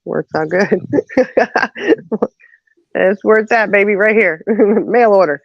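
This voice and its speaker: A woman's voice: medium pitch, lively intonation, slow, no room sound. Woman, talkative livestream host, laughs a lot, dry and muffled lo-fi sound. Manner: chatty storyteller, laughs often. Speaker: host of a live chat show. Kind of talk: casual livestream chat.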